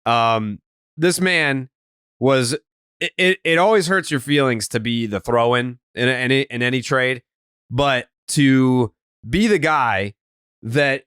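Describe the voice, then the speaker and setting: A man hosting a sports podcast in casual, animated chat, ranting and swearing. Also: medium pitch, slow, clear, resonant tone, dry recording, studio quality. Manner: animated, profane, rants in put-on quotes. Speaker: podcast host.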